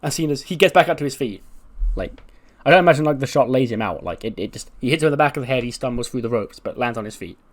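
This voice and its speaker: A man's voice: medium pitch, lively intonation, fast talker. A man narrating a wrestling sim playthrough casually, hedging with "like" and "sort of". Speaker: gaming YouTuber.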